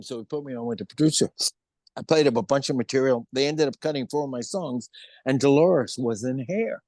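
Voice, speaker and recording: A man in his seventies, a musician guest in an interview, telling stories in an animated way. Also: medium pitch, a little fast, dry recording, clean studio sound. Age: 70s. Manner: animated storyteller, acts out quoted voices. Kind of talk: storytelling interview.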